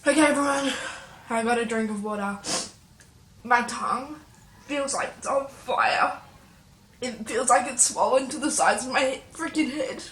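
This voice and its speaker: A woman's voice: high voice, unhurried, pauses often, fairly bright tone. A young woman vlogging a chili challenge, panicky and exclaiming, teary and in pain. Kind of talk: casual vlog chat. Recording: echoey room with faint noise.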